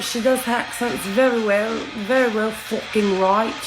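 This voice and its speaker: A woman's voice: fairly high pitch, steady tone, a little slow, over music, low-quality recording. A woman talking casually on her vlog, offhand and loosely profane.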